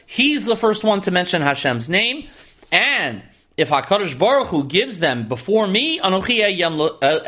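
A man's voice: sits high, fairly bright tone. A man giving a study lecture, reading verses aloud and then translating and explaining them line by line. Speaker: Torah class teacher.

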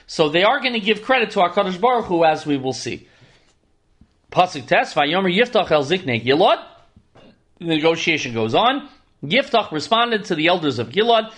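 A man's voice: high voice, fairly bright tone. A man giving a study lecture, reading verses aloud and then translating and explaining them line by line. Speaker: Torah class teacher.

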